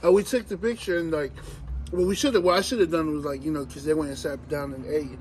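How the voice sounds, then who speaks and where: A man, a professional wrestler, telling stories in casual chat, animated and laughing as he acts out what others said. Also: on the high side, quick pace, slight background noise, rough recording. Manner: animated, laughing storyteller acting out others' voices. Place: outdoors, hot day.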